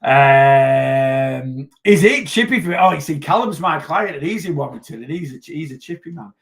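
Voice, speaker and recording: A man's voice: fairly high pitch, animated, normal speed, creaky. A man, a weight loss coach chatting casually on a livestream, rambling and answering viewer comments as he goes. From North West England.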